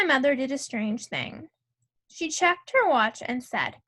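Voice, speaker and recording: A woman reading a children's novel aloud as narrator, telling the story in a clear, measured way. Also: high voice, animated, bright, forceful tone.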